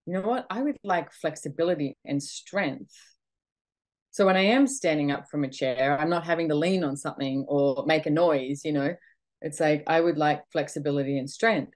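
A middle-aged woman from Australia hosting a podcast, giving a motivational talk to an audience in a chatty, animated way full of quoted self-talk. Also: deep voice. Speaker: podcast host.

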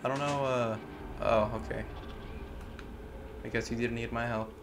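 A young man giving casual, joking commentary on a horror game, chatting to the characters and breaking into loud yelps. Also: medium pitch, fairly even intonation, measured pace, vocal fry, background noise. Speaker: gameplay commentator.

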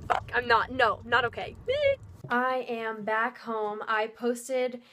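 A young woman vlogger excitedly telling a story, gushing and breathless with lots of fillers. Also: on the high side, takes it slowly, noisy background. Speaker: beauty vlogger.

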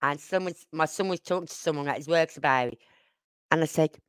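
This outspoken older woman from Birmingham hosts a casual livestream, her Brummie accent carried by a voice that sits low and moves a little fast. She says what she thinks and drifts between topics. Audio is smooth, clear and close-miked, dry with no room sound.

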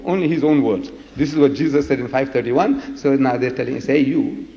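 A man's voice: mid-range voice, moderate pace, mellow, long reverb tail, highs cut off. A man giving a public debate speech, retelling scripture dramatically and acting out the quotes.

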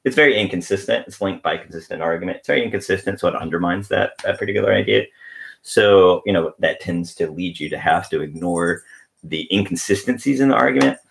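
A man's voice: deep voice, quick pace, creaky, slight background noise. A man hosting a podcast who talks like a teacher, explaining ideas in a rambling, self-correcting way and chuckling now and then. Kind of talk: informal lecture-style literary analysis.

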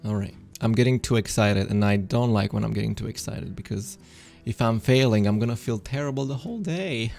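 A man streaming a card game, chatting excitedly to himself and often jumping into squeaky high exclamations. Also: fairly quick, gravelly, faint music behind. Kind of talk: casual gameplay commentary.

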